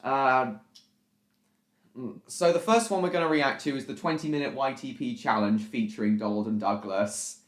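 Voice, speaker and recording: A man's voice: mid-range voice, normal speed. A man hosting a casual reaction live stream, rambling and repeating himself as he greets viewers in the chat. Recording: echoey room.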